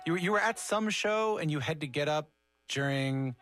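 A man hosting an interview, asking gentle, conversational questions. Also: a little high, lively intonation, normal speed, dry recording, faint music behind. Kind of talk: casual interview chat.

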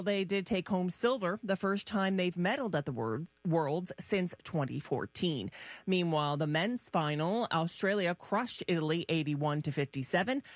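A woman reading the local radio news and weather in a steady, measured way. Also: on the low side, dry recording. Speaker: radio newsreader. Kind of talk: scripted news and weather read. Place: radio newsroom.

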